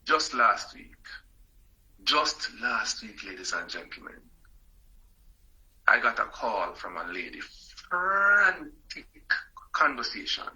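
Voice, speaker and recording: A man's voice: mid-range voice, big pitch swings, takes it slowly, pauses often, pushed and bright, low-quality recording. A man hosting a motivational live stream, emphatic and repetitive, calling out viewers by name.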